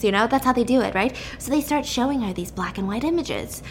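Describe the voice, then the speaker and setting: A woman's voice: mid-range voice, lively intonation, fast talker, hardly any pauses, slight background noise. A young woman casually recapping a story in a chatty way, with many fillers.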